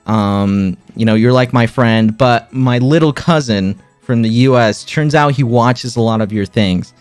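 Retelling a story to his stream audience, an excitable guy in his twenties repeats himself and lets his pitch rise and fall. He keeps a measured pace in a smooth voice; the recording is dry, with faint background music.

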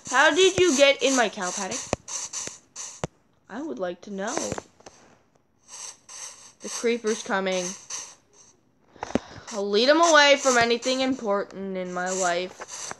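A woman hosting a casual let's-play, rambling and excitable, chatting to the animals and repeating her sign-off. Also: medium pitch, a little slow, long pauses. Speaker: gaming channel host. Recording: audible clicking noise behind voice.

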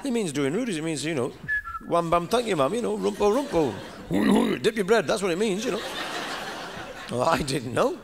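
A man's voice: sits high, sing-song, moderate pace, gravelly. A middle-aged man with a Lancashire accent telling a rambling stand-up story on stage, peppered with "you know". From Lancashire, England. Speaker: stand-up comedian. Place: stage in front of a live audience. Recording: live stage recording with noise.

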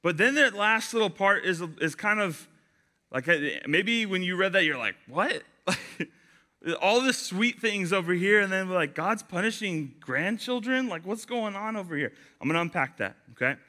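A young man giving a casual youth sermon, chatty and animated, telling stories with lots of fillers. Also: high voice, normal speed. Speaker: youth pastor.

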